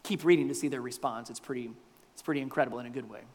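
A man preaching a sermon as pastor, swinging between loud bursts and near-whispers. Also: mid-range voice, rapid-fire, big-room sound. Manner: animated preaching with big swings in loudness, dropping to near-whispers.

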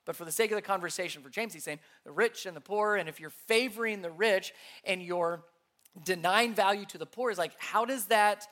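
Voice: medium pitch, fairly quick, fairly bright tone. A pastor teaching a sermon in an earnest way, repeating key points and asking the audience questions. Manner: asks the audience rhetorical questions.

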